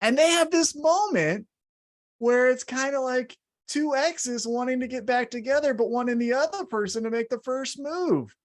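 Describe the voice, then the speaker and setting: A man's voice: very high voice, moderate pace. Male co-host, conversational recapper, dry wit, storyteller's pacing. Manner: wry, recaps segments like a story and poses questions. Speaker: podcast co-host. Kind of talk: casual wrestling recap narration.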